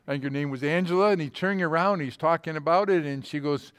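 A man's voice: a little high, brisk. A man preaching a sermon, telling a story in a colloquial way with false starts, then rising into fervent scripture reading.

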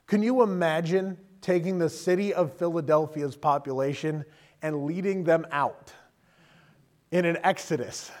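A man's voice: on the high side, unhurried, a little mellow. A middle-aged man preaching a sermon in a conversational, humorous way, often checking in with the listeners. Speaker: pastor.

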